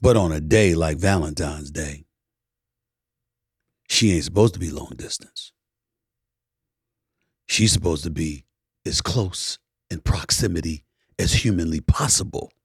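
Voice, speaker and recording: A middle-aged male host delivers a talk-show monologue in an emphatic, preaching manner. His pitch leaps and dips animatedly, and he drops from loud declarations to near-hushed asides. The sound is dry and close. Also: big pitch swings, measured pace, gravelly, long pauses, husky, no room sound.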